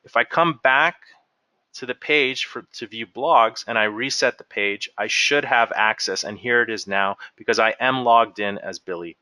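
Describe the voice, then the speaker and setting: A man guides viewers through a software walkthrough one step at a time, with a bright, forceful tone. The sound is dry and close, with no room echo around it. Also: medium pitch, moderate pace. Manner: explains step by step while clicking through. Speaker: software trainer. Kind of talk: screen-share software walkthrough.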